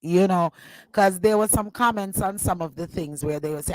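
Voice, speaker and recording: A woman's voice: on the low side, moderate pace, no echo, rough recording. A woman with a Jamaican accent speaking on a radio panel, hesitant and full of fillers as she talks it through. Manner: hesitant, many fillers and restarts, agreeing murmurs. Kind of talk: casual panel discussion.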